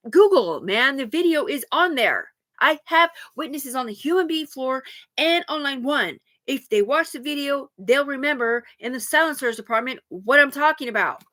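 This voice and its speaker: A woman's voice: high voice, normal speed, pushed and bright. A woman talking alone on a live stream in a rambling, profane, agitated way, jumping from thought to thought.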